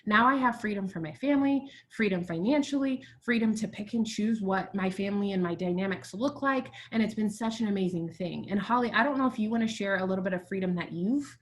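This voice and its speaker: A woman hosts a team call and speaks with emphatic, emotional encouragement. Her pitch sits in a middle range and her delivery is motivational and direct. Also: fairly quick, few pauses. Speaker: team leader hosting a group call.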